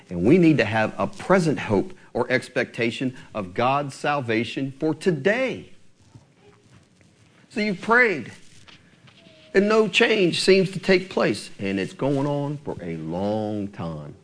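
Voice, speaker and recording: A male pastor preaching a sermon, asking his congregation rhetorical questions. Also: medium pitch.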